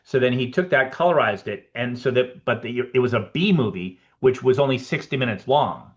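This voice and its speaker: A man in a casual podcast interview tells stories in a lively way, often acting out what each person said. His voice sits at an ordinary middle pitch. The recording is slightly dull and lo-fi. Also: fairly quick. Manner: animated anecdotes, reenacts conversations with "I'm like". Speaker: guest, production designer.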